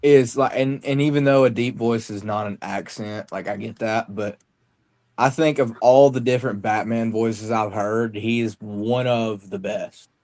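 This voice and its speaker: A man chatting casually about movies in a relaxed, easygoing way. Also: lowish voice, unhurried.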